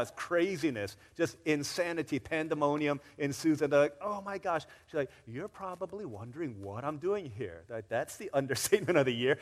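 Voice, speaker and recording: A man preaching a sermon, telling a story in a lively way and acting out the quoted voices. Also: fairly high pitch, a little fast, hardly any pauses, long reverb tail. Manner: animated storyteller, acts out quotes with rising excitement. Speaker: pastor. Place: church sanctuary.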